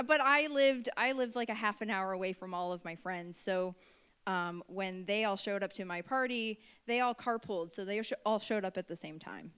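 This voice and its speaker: Woman stand-up in her thirties, self-deprecating storyteller, smooth clear voice. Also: mid-range voice, a bit bright. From Vermont. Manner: chatty, self-deprecating, many fillers and laughs. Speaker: stand-up comedian. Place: comedy stage before a live audience.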